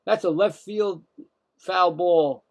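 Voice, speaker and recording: High-voiced guy doing live play-by-play, gets fired up and talks to chat. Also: slow. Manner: excitable, rants at calls and chats to viewers. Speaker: play-by-play host of a streamed game.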